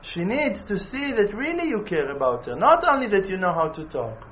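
Lively high-voiced man teaching. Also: fairly quick, lo-fi sound, a little hiss or hum. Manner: animated, repeats phrases for emphasis. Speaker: religious teacher. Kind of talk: informal spiritual lesson.

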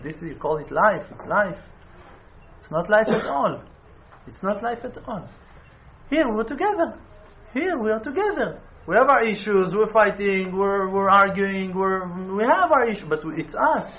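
A man giving an impassioned appeal, pleading, repeating his phrases and swinging between loud urging and quiet, near-tearful moments. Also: sits high. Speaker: community speaker making an appeal. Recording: dull lo-fi with faint noise.

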